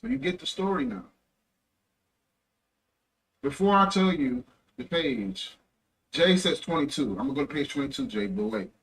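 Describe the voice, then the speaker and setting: A man's voice: fairly high pitch, lively intonation, moderate pace, pauses often, a bit bright. A young man livestreaming, telling a rambling story in a loose, casual way and correcting himself as he goes. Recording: distant mic with faint ambient noise.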